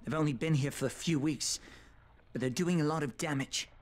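A man's voice: on the high side, brisk, close to an everyday voice. An actor playing a cheerful, tech-savvy male survivor with a British accent, speaking in a friendly, upbeat way. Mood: briefing.

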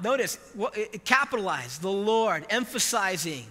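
Bright-voiced preaching man in a reverberant church. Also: high voice, moderate pace, slightly rough. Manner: animated, emphatic preaching with questions to the congregation. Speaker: pastor. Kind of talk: sermon. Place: church sanctuary with a live congregation.

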